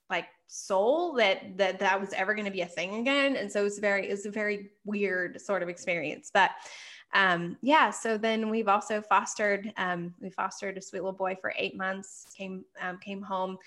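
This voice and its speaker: Brief: woman, 30s, author guest; heartfelt, lively storytelling, acts out what people said. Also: mid-range voice. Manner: earnest, animated storytelling, acts out quotes. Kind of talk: personal story in an interview.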